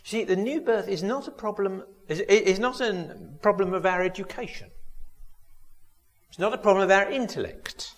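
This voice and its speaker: A man's voice: high voice, normal speed. Man preaching in a reverberant church. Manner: earnest, asks the congregation direct questions. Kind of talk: sermon.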